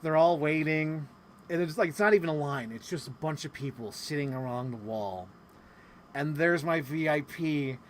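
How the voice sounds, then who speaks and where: A man telling a casual vlog story, animated and excitable, swearing freely and acting out what people said. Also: moderate pace, slight background noise. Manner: animated, swears freely, acts out quotes with big pitch jumps. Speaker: vlogger.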